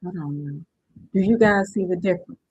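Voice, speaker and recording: A woman with a voice on the low side and a darkish tone leads a motivational workshop online, talking a little fast. She speaks directly to viewers in a conversational way, frequently checking in with "right?". The recording is muffled, with a little hiss or hum.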